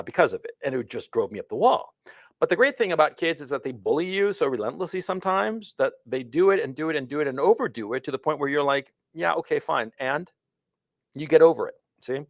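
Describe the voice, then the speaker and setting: A man's voice: fairly high pitch, dry recording, studio quality. A middle-aged man streaming a casual monologue, lecturing emphatically with lots of swearing and repeated "see?" and "okay?". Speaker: streamer commenting on another show.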